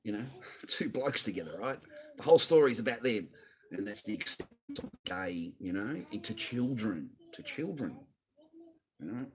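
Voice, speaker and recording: A man's voice: lowish voice, expressive, normal speed, darkish tone. A man hosting his own channel, ranting on a livestream in an angry, profane, rambling way. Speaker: channel host. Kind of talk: livestream rant.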